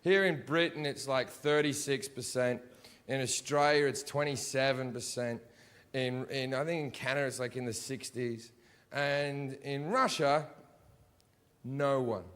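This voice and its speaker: A man's voice: mid-range voice, fairly even intonation, measured pace, a bit bright. A male stand-up comedian doing a blunt, profane, sardonic set on a live stage. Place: live comedy venue before an audience.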